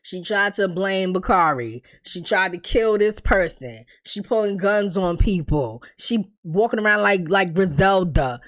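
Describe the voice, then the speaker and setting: A woman hosting a casual TV recap, talking in an animated, blunt and profane way and laughing often. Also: medium pitch, a little slow, hardly any pauses. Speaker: TV recap host.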